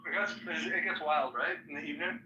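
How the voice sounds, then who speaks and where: A man's voice: fairly high pitch, fast talker, echoey room, recorded from a distance, highs cut off, noisy background. A man in casual chat, loose and profane, teasing and filling his talk with "like". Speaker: guest.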